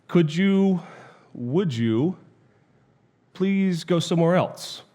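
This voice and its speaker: A man's voice: high voice, animated, drawn-out words, mellow, voice pushed up, exaggerated voice. A man reading the lines of a thirsty, timid young girl who pleads hesitantly and politely.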